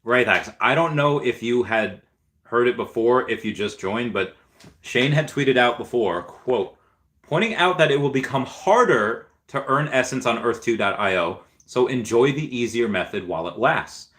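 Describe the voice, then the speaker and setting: Speaking expressively at a normal speed, a livestream host reads out messages from his chat and muses aloud, peppering his talk with fillers. Every so often he lets out a high-pitched squeal of joy.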